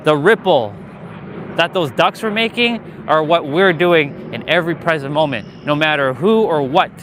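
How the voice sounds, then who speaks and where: On a casual walking live stream outdoors, a man speaks through a handheld gimbal camera at a moderate pace, his voice on the high side and a bit bright, with slight background noise. He talks candidly and motivationally, swearing a lot.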